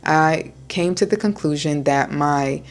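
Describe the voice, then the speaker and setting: A woman vlogger speaking in a low, soothing voice, slow and deliberate, pausing between her sentences. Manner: slow, soft, deliberate speech with pauses. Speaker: wellness vlogger. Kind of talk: calm talking-head vlog.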